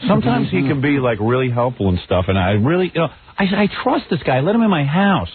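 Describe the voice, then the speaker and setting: A raspy, somewhat high-voiced man hosting a radio talk show, his tone swinging widely as he tells an exasperated story. The sound is thin and tinny, like it came over a phone line. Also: sing-song, quick pace, no echo, soft background music.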